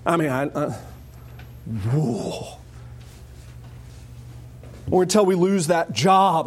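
A man preaching a sermon in a lively, joking way, often acting out the voices of the people he quotes. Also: a little high, slow, long pauses, slightly rough. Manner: animated, jokey, acts out quoted voices. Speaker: pastor.

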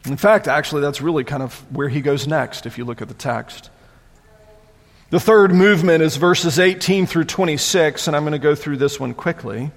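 Animated pastor preaching in a reverberant hall. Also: male voice, on the high side, moderate pace. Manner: conversational and animated, laughs at himself, repeats words. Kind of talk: sermon.

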